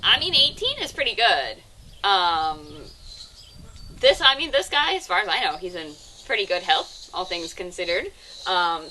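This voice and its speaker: A woman's voice: mid-range voice, big pitch swings, normal speed, bright, forceful tone, slight background noise. Chatty young woman giving a sanctuary tour. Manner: chatty, full of fillers like "um" and "like". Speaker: animal sanctuary tour guide. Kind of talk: casual chat on a live virtual tour. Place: outdoors on a farm sanctuary.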